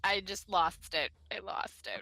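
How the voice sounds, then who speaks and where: Woman, tabletop player, bright tone, animated, laughs a lot, computer mic. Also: medium pitch, slow pace, no room sound. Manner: giggly, animated storyteller. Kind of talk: casual chat about a tabletop game.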